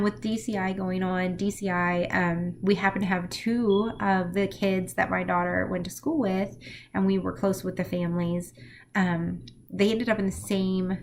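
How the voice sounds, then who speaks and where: A middle-aged woman vlogger speaks in a mid-range voice with vocal fry, rambling through a personal vlog in an emotional, heartfelt way and using many fillers. Slight background noise is present.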